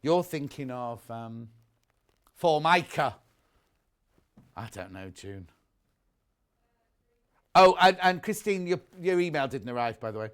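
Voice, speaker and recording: Chatty British man with a lively voice. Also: medium pitch, takes it slowly, pauses often, clean tone. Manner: chatty, gossipy, rambling asides. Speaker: shopping channel presenter. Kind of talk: live selling chat, reading viewer messages.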